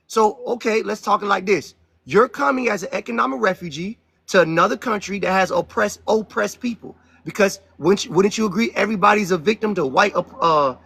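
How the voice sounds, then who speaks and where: Loud, raspy, high-voiced man ranting. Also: no echo, rough recording. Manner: aggressive, interrupting, loud rants. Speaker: host. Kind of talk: heated debate on a live stream.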